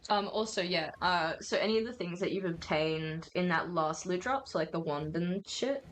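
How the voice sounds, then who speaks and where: A woman narrating as game master in a tabletop role-playing stream, in a relaxed, chatty way, laughing often. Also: on the low side, moderate pace, low-quality recording.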